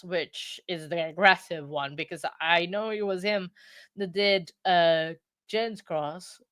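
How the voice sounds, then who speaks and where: A woman's voice: medium pitch, dry recording, clean studio sound. Sleepy rambling woman hosting a livestream. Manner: rambling, self-interrupting, chatty. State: sleepy, yawning. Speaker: livestream host. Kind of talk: casual live chat.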